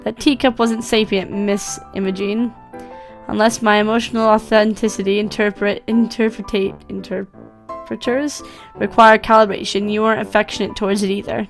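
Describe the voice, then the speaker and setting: A woman's voice: mid-range voice, level tone, moderate pace, faint music behind, close to an everyday voice. Woman doing a stiff, formal robot butler. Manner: stiff formal diction, stumbles over words when reading. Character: polite formal male robot butler, ex-killer machine. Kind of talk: reading a visual novel aloud.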